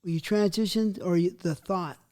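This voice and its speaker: A man with a very high voice hosts a casual interview. He mostly chimes in with short reactions and questions. He sounds somewhat distant from the mic. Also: steady tone, measured pace, a little mellow.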